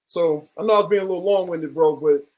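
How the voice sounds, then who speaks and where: A man's voice: on the high side, fast talker, a little mellow, low-quality recording. A man in casual discussion, talking in an earnest, reflective and rambling way.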